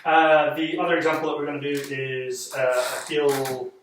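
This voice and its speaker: Man, dance teacher, chants step counts, excitable, far from the mic, noisy background. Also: on the high side, normal speed. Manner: chants rhythm counts aloud, excitable, many fillers. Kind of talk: casual online dance class. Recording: echoey room, distant mic, noisy.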